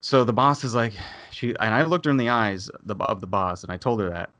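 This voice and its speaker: A man casually telling a long story on a podcast, animated and swearing, acting out the people he quotes. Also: on the low side, a little fast, dry recording.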